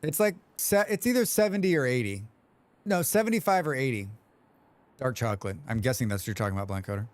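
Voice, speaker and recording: A man's voice: medium pitch, expressive, fast talker. A man streaming a game live, chatting loosely with his viewers, humming to himself between comments. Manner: rambling, humming to himself, reading chat aloud. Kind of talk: casual live-stream chat.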